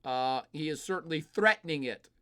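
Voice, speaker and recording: A man's voice: fairly high pitch, lively intonation, normal speed, sharp tone, clear, resonant tone. A man hosting a live stream, reading chat questions and answering in a blunt, opinionated, casual way, with plenty of filler sounds and the odd swear.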